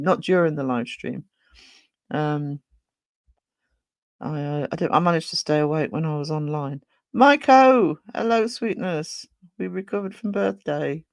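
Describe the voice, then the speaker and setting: A live streamer chatting casually with viewers, croaky from a sore throat, rambling with many ums. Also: mid-range voice, dry recording.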